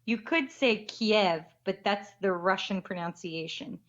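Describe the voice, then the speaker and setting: A woman's voice: mid-range voice, lively intonation, normal speed, fairly bright tone. A woman missionary guest in a casual interview, speaking matter-of-factly and plainly correcting the host. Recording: dull lo-fi audio.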